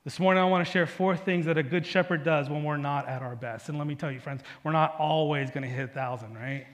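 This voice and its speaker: A man preaching a Sunday sermon in a fairly high voice, talking to his congregation like friends and weaving in personal stories. His voice rings out with a long reverb, as in a large church sanctuary. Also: fast talker. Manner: conversational preaching with personal stories and frequent "right?". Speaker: pastor.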